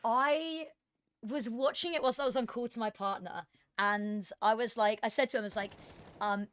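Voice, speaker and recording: Woman esports caster, chatty storyteller, slightly high voice, dry close headset. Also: lively intonation, moderate pace, a bit bright, no echo. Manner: chatty, self-deprecating, storytelling. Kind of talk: casual co-caster chat.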